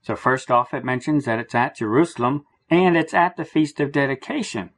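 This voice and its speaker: A man preaches a prophetic Bible teaching in an earnest, emphatic way, leaning on repeated phrases. His voice sits a little high and has a husky grain to it.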